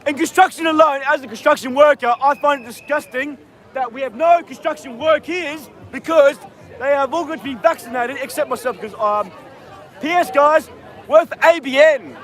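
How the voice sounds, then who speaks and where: An Australian man livestreaming from a city street, talking loudly, swearing and rallying his viewers. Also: very high-pitched, moderate pace, some chatter behind. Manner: loud, profane, rallying. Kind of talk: live street stream.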